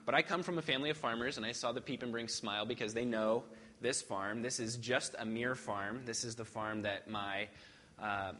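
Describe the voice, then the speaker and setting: Pastor guy, lowish voice, reads scripture steady then talks easy with lots of ums. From rural Midwest farming family. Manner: measured reading, then conversational with fillers. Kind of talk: sermon with scripture reading.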